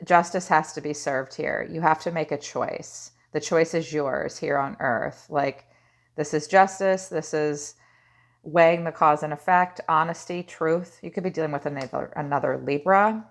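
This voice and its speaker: A woman's voice: low-pitched, normal speed, vocal fry. A woman giving a casual tarot reading, musing aloud with lots of "I think" and "kinda". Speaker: tarot reader.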